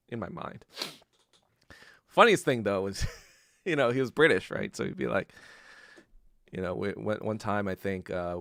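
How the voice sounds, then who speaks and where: A man hosting a podcast in a casual, profane rant that swings between low muttering and loud outbursts. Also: vocal fry, no room sound, clean studio sound. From Korea. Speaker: podcast host. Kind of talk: casual ranting monologue.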